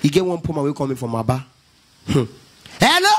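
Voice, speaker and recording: A Nigerian comedian telling stories on a church stage, slipping into Pidgin and mimicking people. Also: male voice, mid-range voice, rapid-fire, warm tone. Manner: storytelling, Pidgin asides, mimicking others. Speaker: stand-up comedian. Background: keyboard music.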